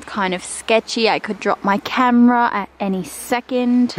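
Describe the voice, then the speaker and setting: A woman's voice: on the high side, unhurried, slight background noise. A young woman chatting casually as she vlogs a day of travel. She sounds a little nervous and giggles often. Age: young adult. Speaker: vlogger.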